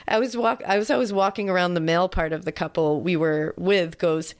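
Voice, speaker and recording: A young adult woman with a slightly low voice reads a listener story on a podcast, breaking off for dry, profane jokes. Her delivery is loose and chatty, and she laughs at her own asides. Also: steady tone, a little fast, hardly any pauses. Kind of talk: casual comedic story reading.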